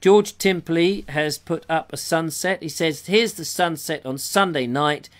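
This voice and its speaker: A man's voice: on the high side, unhurried. A middle-aged man hosts a live show in a chatty, rambling way. He often stops to correct himself as he goes. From England. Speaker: show host reading out viewers' photos. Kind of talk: casual live show chat.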